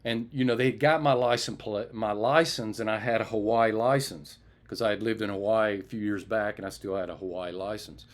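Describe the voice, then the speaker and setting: A man shares a personal testimony from the pulpit, telling it as a story. His voice jumps up when he acts out the other people in it. It falls soft and low when he recalls his prayers. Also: fairly quick, hardly any pauses. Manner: animated retelling, raises his voice for others and drops low and quiet for prayer.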